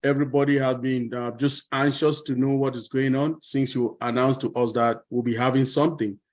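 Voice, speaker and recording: A man's voice: medium pitch, fairly even intonation, brisk. A man giving an earnest, grateful speech as a participant on a video-call webinar. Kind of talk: thank-you speech.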